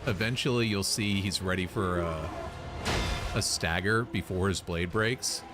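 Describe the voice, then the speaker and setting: A man casually commenting on his gameplay run, relaxed and rambling with lots of fillers. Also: sits low, a little slow. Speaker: gamer explaining his run. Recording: voice over loud game music.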